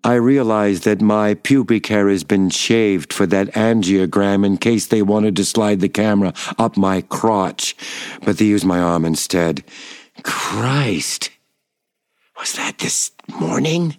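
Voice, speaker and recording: A man giving a measured, wry first-person reading of a personal memoir. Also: on the low side, steady tone, a little mellow, clear, resonant tone, no echo, studio quality.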